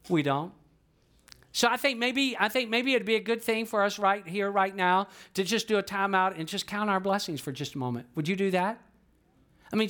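A male pastor with a high, somewhat bright voice preaches a conversational sermon. He repeats phrases for emphasis, asks the congregation questions, and sings snippets of old hymns.

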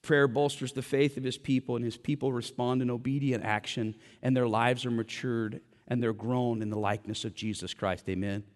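A man's voice: mid-range voice, steady tone, normal speed, hardly any pauses, big-room sound. A man preaching a sermon in a church, impassioned and direct, with a joking aside now and then. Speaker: pastor. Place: church sanctuary.

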